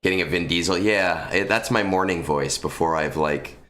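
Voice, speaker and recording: Streaming live from a room in his home, a man talks casually with his viewers into a close mic, rambling, cursing, restarting and saying "um" a lot, while a cough lingers after an illness. His deep voice has a fairly bright tone and moves at a moderate pace.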